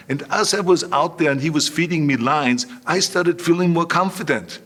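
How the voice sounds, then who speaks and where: A man's voice: on the high side, moderate pace, hardly any pauses, fairly bright tone. A man in his sixties with an Austrian accent, a German native speaker, telling emphatic stories as an interview guest and acting out quotes. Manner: emphatic, repeats phrases, acts out quotes. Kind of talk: storytelling interview.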